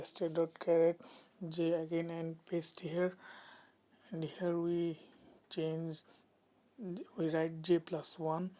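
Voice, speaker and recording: Woman, low flat delivery, slow and hesitant, narrating a coding walkthrough. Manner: halting, hesitant, many restarts. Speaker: programming tutor. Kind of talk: screen-recorded coding walkthrough.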